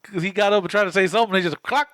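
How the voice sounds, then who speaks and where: Bright high-voiced man, cussing. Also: racing, no echo, studio quality. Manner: profane, slangy, reads plot summary aloud. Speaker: podcast co-host. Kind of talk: casual chat recapping a movie.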